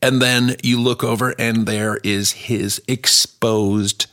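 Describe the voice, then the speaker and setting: Slow, gravelly man doing stand-up. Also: lowish voice. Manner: rambling, acts out voices, swings from mumbles to shouts. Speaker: stand-up comedian. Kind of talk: stand-up comedy bit.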